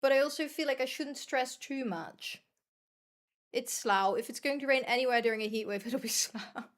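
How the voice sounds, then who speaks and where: Commentating her game for viewers, a young streamer from the Netherlands talks at normal speed in a high-pitched voice. She rambles, chats casually, swears freely and pokes fun at herself.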